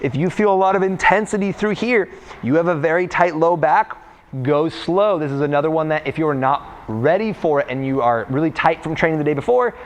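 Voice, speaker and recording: A young man coaching warm-up exercises in a casual, joking way while demonstrating the moves. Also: a little high, brisk. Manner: playful, jokey, talks while exercising. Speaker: freerunning coach.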